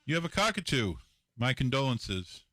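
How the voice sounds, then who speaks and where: A man's voice: medium pitch, big pitch swings, normal speed, a bit bright, no echo, studio quality. A man co-hosting a live stream, chatting casually in a blunt, profane, teasing way. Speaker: co-host of a live reaction stream. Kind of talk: casual chat.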